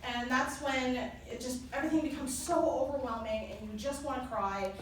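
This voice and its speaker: A young woman giving a motivational convention talk, telling personal stories in a lively way and laughing often. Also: high voice, brisk. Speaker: presenter at a company convention. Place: large conference hall. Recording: echoey hall from far off, noisy.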